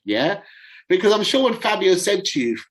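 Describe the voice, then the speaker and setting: A man's voice: high voice, very animated, moderate pace, rough recording. A middle-aged man hosting a fan channel. He talks through football in a casual, rambling way and sometimes fumbles for names.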